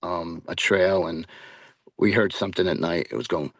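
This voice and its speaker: Low-voiced man chatting in a dry room. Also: moderate pace, a bit bright, no room sound. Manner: rambling, full of fillers and restarts. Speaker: guest, paranormal investigator. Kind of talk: casual interview chat.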